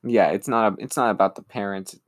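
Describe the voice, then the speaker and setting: A man's voice: on the low side, brisk. Casual young man recapping an episode. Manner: lively retelling, acting out lines in silly voices. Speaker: podcast co-host.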